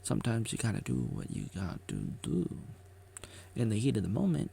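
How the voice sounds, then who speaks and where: A man's voice: on the low side, huge pitch swings, moderate pace, gravelly, mellow, slight background noise. A man vlogging a rambling motivational monologue, repeating himself and joking with himself as he talks.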